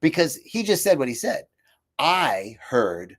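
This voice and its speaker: A man's voice: on the high side, very animated, slow pace, a bit bright. A man giving a casual live talk about healing, reflective and personal, with fillers and restarts, sometimes quoting others in livelier voices. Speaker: speaker for a healing retreat.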